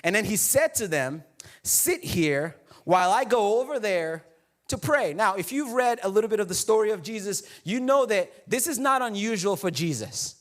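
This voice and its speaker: Pastor in the pulpit, high voice, laid-back and funny, speaks right to the room. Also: male voice, animated, moderate pace. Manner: casual, joking, talks straight to the congregation. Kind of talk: sermon. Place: church hall before a congregation.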